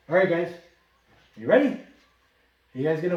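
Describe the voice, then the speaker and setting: A man's voice: fairly high pitch, very animated, a little fast, long pauses, muffled recording. A man in his fifties giving a chatty work-along tutorial, talking to himself and his viewers while he works and joking along the way. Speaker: drywall installer. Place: bare room under construction. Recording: echoey room, far from the mic, loud work noise.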